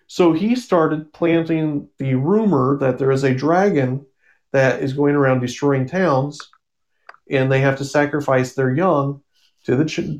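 A man's voice: mid-range voice, darkish tone. A man casually recapping and reviewing comic books, rambling with ums and self-corrections.

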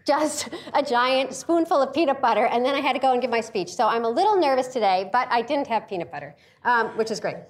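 A lively American woman in middle age tells a comic story to an audience, her voice bright and high. She swoops all over her range, laughing and slipping into quick acted-out voices as she goes. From United States. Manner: animated, acts out voices, laughs often. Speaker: speaker giving a talk.

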